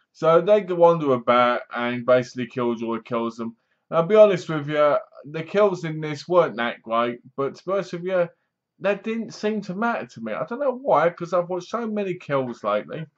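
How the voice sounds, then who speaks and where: A man's voice: on the high side, highs cut off. A man reviewing a film in a casual, rambling way with wry humor. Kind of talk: casual spoken movie review.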